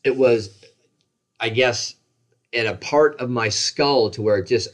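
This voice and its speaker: A man in his forties in casual conversation, telling a story about his own injuries in an animated, self-deprecating way and acting out the voices of others. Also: medium pitch, a little slow.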